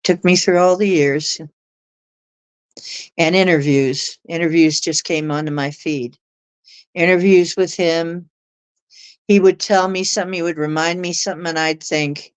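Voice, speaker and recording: Slow-talking woman telling a story. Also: low-pitched, rough recording. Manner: chatty, animated retelling with laughs and acted quotes. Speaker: astrology show guest. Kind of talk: casual storytelling.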